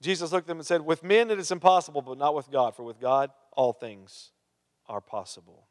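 Reading scripture at a brisk clip, a male pastor with a fairly high voice breaks off now and then to ask the congregation questions and tease them. The hall's long reverb is clearly audible.

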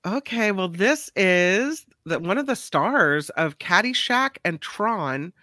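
A woman co-hosting a talk show, chatting loosely through celebrity news with lots of "um" and "uh" along the way. Her voice sits at a medium pitch, and the sound is dry and close. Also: animated, takes it slowly, bright, forceful tone, dry recording. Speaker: co-host. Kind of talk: casual celebrity news chat.

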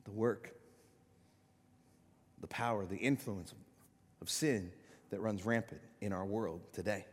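A male pastor preaching a sermon, swinging between loud emphatic peaks and quiet, low-voiced asides. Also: in a large hall. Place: church sanctuary.

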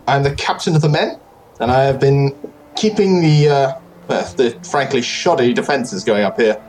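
A man's voice: mid-range voice, moderate pace, darkish tone, a little hiss or hum, pitched above the performer's own voice, close to an everyday voice. A man voicing a proud, blunt dwarf captain who boasts about his defenses in a tabletop game. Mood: boastful. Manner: brusque, boastful.

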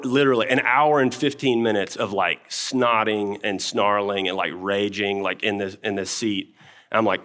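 A man's voice: medium pitch, a bit bright. A male pastor preaching with a mid-range voice, talking earnestly and informally. He tells a story with frequent asides and restarts, then moves into a prayer. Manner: acts out quoted speech, dropping to a whisper at times. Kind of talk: sermon with personal story and closing prayer.

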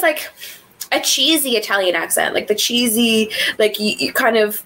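A woman's voice: fairly high pitch, expressive, normal speed, a bit bright, poor audio. Candid, laughing woman podcast co-host. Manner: candid, swears freely, laughs often. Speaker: podcast co-host reviewing a film. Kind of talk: casual chat.

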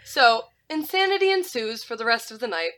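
A woman casually telling a story on a podcast, animated, laughing and swearing freely. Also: on the high side, fairly quick. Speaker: podcast co-host.

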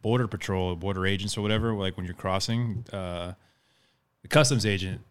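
A man's voice: sits low, steady tone, brisk, a little hiss or hum. A man, an actor, telling stories in casual chat with lots of fillers and restarts. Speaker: actor, guest.

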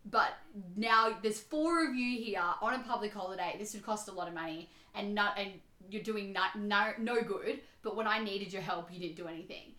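A young woman in her twenties, telling a story in a casual chat, animated and rambling with lots of "like". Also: medium pitch, moderate pace, hardly any pauses. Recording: roomy echoey room.

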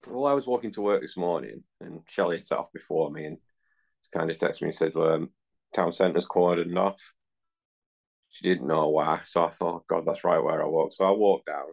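Deep gravelly podcast co-host. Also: male voice, moderate pace, darkish tone. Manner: dry, swearing, laughing. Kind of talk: casual banter. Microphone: remote call mic.

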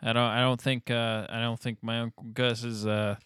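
A man's voice: medium pitch, flat delivery, moderate pace, fairly bright tone, smooth, dry recording. A man playing a tabletop game, understated and a little hesitant. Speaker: player. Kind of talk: casual tabletop play.

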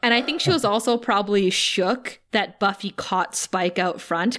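A woman co-hosting a podcast in casual chat, retelling an episode with animated storytelling, acting out quotes and laughing often. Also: medium pitch, measured pace. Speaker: podcast co-host.

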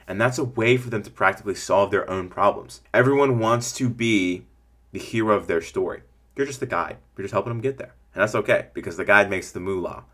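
A man hosts an informal coaching podcast for people running small businesses, his fairly low voice moving along fairly quickly. The delivery is lively and meandering, often shifting into impressions of imagined customers to make a point.

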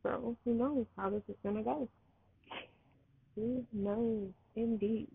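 Gravelly woman chatting on a tinny line. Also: a little high, slow. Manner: chatty, rambling, a little excited. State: tired, with allergies. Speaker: podcast host reading poetry. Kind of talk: casual live-stream chat. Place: outdoors, train in the distance. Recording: tinny phone-like sound, faint outdoor noise.

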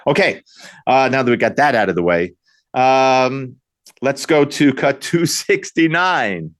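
A man's voice: medium pitch, animated, measured pace, fairly bright tone, dry recording, clean studio sound. A man hosting a talk radio show, delivering combative, sarcastic commentary full of rhetorical questions.

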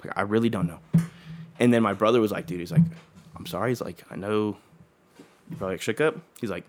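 A man's voice: on the low side, fast talker, a little mellow. A young adult man telling a long personal story in casual chat, rambling with lots of fillers and swearing.

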